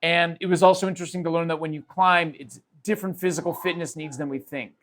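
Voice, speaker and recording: A male podcast host tells a story in a casual, rambling manner. He restarts his sentences and uses lots of fillers. His voice is a touch higher than most men's. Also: steady tone, quick pace, a bit bright.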